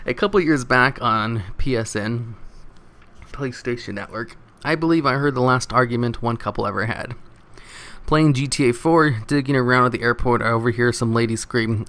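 Male host reading posts aloud, relaxed and casual, mid pitch, chuckles between stories. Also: moderate pace, smooth. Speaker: reddit story reader.

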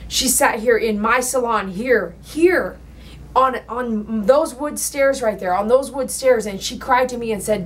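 A woman who works as a dog groomer, telling a personal story in her salon while she works, rambling and emotional with sudden loud exclamations. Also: fairly high pitch, a little slow, a little hiss or hum. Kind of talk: casual storytelling while working.

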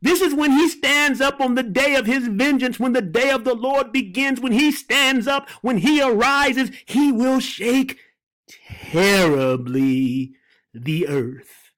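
A Bible teacher in fervent, excited teaching, repeating phrases, praying aloud, and breaking off mid-sentence with laughter. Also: high-pitched, normal speed, few pauses.

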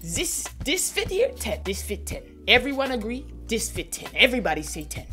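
A woman's voice: on the high side, sing-song, moderate pace, sharp tone, faint music behind. A woman putting on a foreign accent and broken English to play a boastful, self-proclaimed fashion stylist. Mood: gushing. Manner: haughty, in a put-on foreign accent. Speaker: vlogger. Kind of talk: comedic persona sketch.

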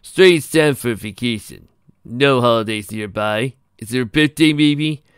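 A man voicing a charming male pony who poses as a reporter, speaking loudly and eagerly in a read-aloud pony story. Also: medium pitch, unhurried, smooth, no echo, studio quality, natural voice. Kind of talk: fan fiction read aloud.

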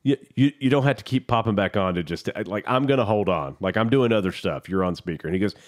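A man co-hosting a podcast, telling a story in a casual, profane, animated way. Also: lowish voice, fast. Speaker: podcast co-host. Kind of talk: casual chat.

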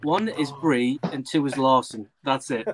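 A man's voice: mid-range voice, a little slow, very noisy. A man chatting about films on a live stream over a video call, rambling, losing track of names and swearing. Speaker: panelist on a movie live stream. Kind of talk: casual chat.

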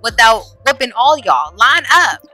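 A woman putting on a furious brawler woman, pitched up higher than her usual voice and bright, hurling loud slangy challenges at the whole house. She sounds ready to fight everyone at once. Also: sing-song, measured pace, faint music behind, heavily acted.

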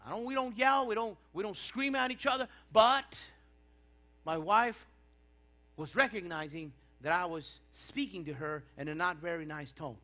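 High, bright-voiced preaching man. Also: normal speed. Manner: impassioned preaching with rising and falling intensity. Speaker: pastor. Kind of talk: sermon. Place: church.

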